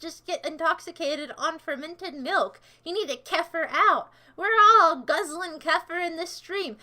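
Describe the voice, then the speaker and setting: A woman streamer with a high, bright voice talks to her chat in a loose, rambling way. She teases her viewers, repeats words in silly chants and jumps from joke to joke. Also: measured pace, few pauses. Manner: goofy, rambling, teasing, breaks into silly songs. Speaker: livestream host. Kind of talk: casual livestream chat with viewers.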